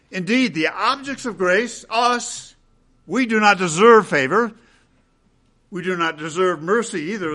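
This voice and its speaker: A man delivers a sermon as a pastor, moving between loud, emphatic high points and quiet, low stretches while posing rhetorical questions.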